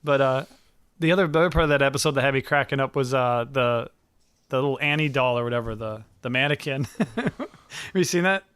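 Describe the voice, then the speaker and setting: A man co-hosting a casual podcast chat, laughing often and retelling TV scenes with quick quoted voices, swearing now and then. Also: medium pitch, a bit bright, clean tone, no echo, clean studio sound. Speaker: podcast co-host.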